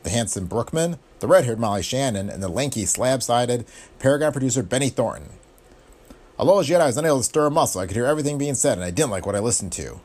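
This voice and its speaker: A man narrating a hardboiled pulp detective story in a wry, brisk first-person delivery full of tough-guy slang. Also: medium pitch, animated, darkish tone. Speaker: audiobook narrator.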